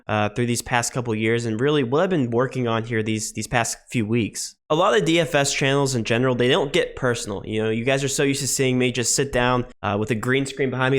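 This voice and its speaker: A young man in his twenties talking earnestly to his viewers in a personal vlog, his voice nasal from illness, often repeating words as he gathers his thoughts. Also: medium pitch. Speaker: sports betting channel host.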